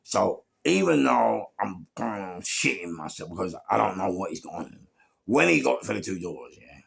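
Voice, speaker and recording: A gravelly, husky man with a London accent spins a rough street anecdote to camera. His pitch leaps up and down as he tells it, and he swears freely and hammers his points home with a streetwise edge. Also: sing-song, moderate pace. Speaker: storyteller. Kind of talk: casual anecdote told to camera.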